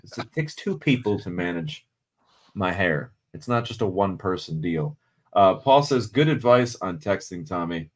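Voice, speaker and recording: Pria santai yang bicara blak-blakan. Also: male voice, deep voice, sing-song, moderate pace. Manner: blunt, conversational, calls people brother. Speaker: podcast host. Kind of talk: casual podcast chat.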